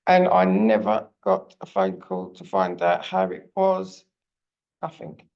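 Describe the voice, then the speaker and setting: A woman's voice: extremely low pitch, very animated, slow, creaky, darkish tone, dull audio. A woman working as a parent advocate, telling a personal story in a blunt, plain-spoken way.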